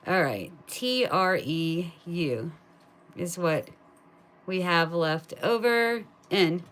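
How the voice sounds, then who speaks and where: A woman chatting casually on a live stream, thinking aloud and talking to her viewers, turning loud and excited at a win and cooing to her pet. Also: on the low side, extremely slow, a little hiss or hum. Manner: gets excited and loud at wins. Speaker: live streamer scratching lottery tickets.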